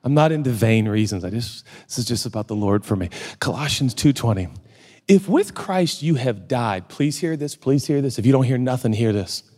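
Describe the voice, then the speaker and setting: A man in his forties preaching a sermon from a stage, animated and a little out of breath, dropping low and then shouting. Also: a little fast, hardly any pauses. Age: 40s. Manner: animated, swings from hushed to shouting. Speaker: pastor. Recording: hall reverb.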